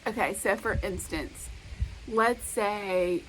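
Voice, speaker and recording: A woman hosting a self-help talk, speaking in a calm, reflective, coaching way. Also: medium pitch, slow pace, soft background music, rough recording. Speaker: host.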